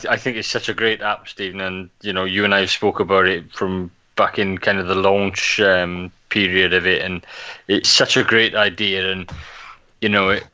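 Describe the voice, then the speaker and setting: A man's voice: low-pitched, little pitch movement, normal speed, sharp tone, dull audio. A man co-hosting a podcast, talking with enthusiasm and repeating words often. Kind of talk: conversational interview.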